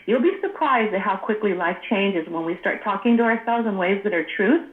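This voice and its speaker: A woman's voice: mid-range voice, fairly quick. Woman on a tinny echoey phone line. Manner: lively storyteller acting out quoted voices. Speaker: radio co-host. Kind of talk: casual chat.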